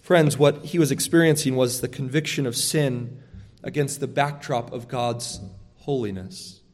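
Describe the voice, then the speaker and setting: A man's voice: medium pitch, measured pace, darkish tone, big-room sound, faint music behind. A man preaching a sermon as a pastor, earnest and emphatic, often restarting his phrases as he drives a point home.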